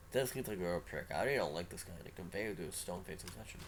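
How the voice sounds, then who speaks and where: A man's voice: deep voice, lively intonation, fast, few pauses, a little hiss or hum. A male streamer reading a story game aloud, with casual, offhand asides. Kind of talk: reading a visual novel aloud.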